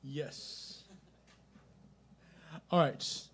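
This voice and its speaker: A man hosting an open mic, low-key and hesitant between acts. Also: extremely slow. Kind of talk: casual emceeing. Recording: distant, faint room noise.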